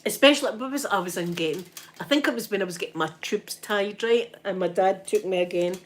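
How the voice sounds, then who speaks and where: A woman's voice: mid-range voice, fast talker, a little hiss or hum. A middle-aged woman with a Scottish accent talks in a mid-range voice, chatting to her viewers in a loose, casual way. She keeps stopping and starting as she tells rambling anecdotes. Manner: chatty, rambling, with frequent restarts. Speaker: ASMR streamer. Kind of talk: casual storytelling chat.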